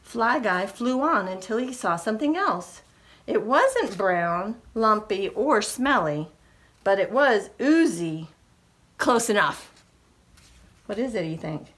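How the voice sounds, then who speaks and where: A middle-aged woman reading a picture book aloud to young children as a librarian, with slow, expressive delivery. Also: mid-range voice. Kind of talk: children's storytime read-aloud.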